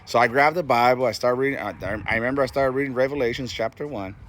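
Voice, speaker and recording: A man in his forties giving a personal faith testimony, earnest and halting, with many fillers and restarts. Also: medium pitch, a bit bright, a little hiss or hum. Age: 40s. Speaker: Christian testimony speaker.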